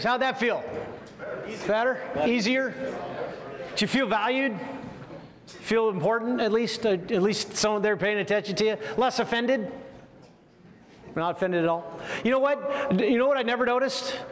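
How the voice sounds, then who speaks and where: High-voiced man lecturing in a reverberant hall. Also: measured pace, long pauses. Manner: lively, asks the audience frequent rhetorical questions. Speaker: communication course instructor. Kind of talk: leadership training talk to military officers. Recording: echoey hall with long reverb.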